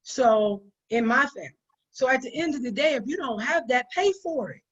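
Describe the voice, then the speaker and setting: High-voiced emphatic businesswoman, lo-fi. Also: lively intonation, a little fast, husky. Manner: emphatic, repeats points for stress. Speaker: business owner, guest. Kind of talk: conversational business advice. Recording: dull lo-fi sound.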